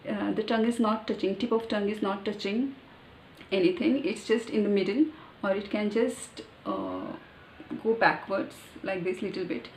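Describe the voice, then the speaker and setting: A woman with an Indian English accent talking casually about learning pronunciation, thinking aloud with many pauses and fillers. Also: medium pitch, steady tone, darkish tone, slight background noise. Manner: halting, thinking aloud, with fillers and demonstrated sounds. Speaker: language learner. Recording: echoey room, faint ambience.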